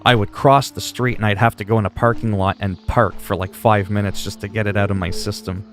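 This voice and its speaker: A man's voice: on the low side, steady tone, brisk, a bit bright, faint music behind. A man hosting a casual gaming livestream, rambling through funny stories and swearing freely. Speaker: livestream host. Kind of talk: casual gaming stream chat.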